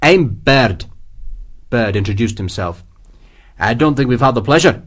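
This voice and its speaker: A hearty senior army general, as the narrator takes on the part, brisk and soothing and easy in his authority. His voice swings widely up and down, full of lively emphasis, a commander putting a junior officer at ease in a storybook scene. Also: mid-range voice. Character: genial older male army general. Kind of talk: audiobook character voice.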